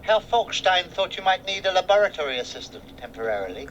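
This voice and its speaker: An actor playing a mischievous hunchbacked servant with a playful sing-song delivery, in a 1970s film comedy. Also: male voice, high-pitched, very animated, quick pace, a bit bright, highs cut off, slight background noise. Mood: cheeky. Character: mischievous hunchbacked male servant, cheeky joker.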